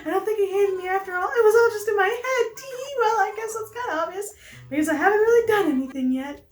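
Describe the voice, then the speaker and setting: A woman's voice: lively intonation, fast talker, reverberant. A woman voicing a lovestruck young female pelican who gushes breathlessly. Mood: overjoyed. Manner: breathless gushing, voice climbing high.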